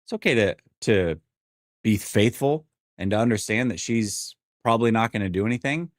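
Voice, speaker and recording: A man in his forties hosting a live sports stream, venting his frustration and answering chat in an animated, exasperated way. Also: fairly low pitch, moderate pace, no echo, clean studio sound. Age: 40s. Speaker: sports show host.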